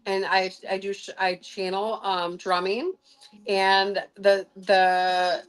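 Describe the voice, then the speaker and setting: A woman's voice: mid-range voice, level tone, slow, smooth, poor audio. A woman hosting a casual livestream as a sound healer. She talks in a chatty, rambling way with many filler sounds.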